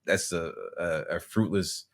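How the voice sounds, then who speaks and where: A man with a notably low voice co-hosts a casual podcast. He explains news stories earnestly and offers his opinions, often restarting his sentences as he goes. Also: steady tone, a little slow. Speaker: podcast co-host. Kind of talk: casual chat.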